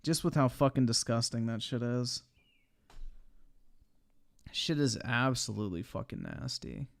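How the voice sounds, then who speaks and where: A man's voice: medium pitch, lively intonation, unhurried, creaky. A young man giving blunt, profane live-stream commentary while he watches videos.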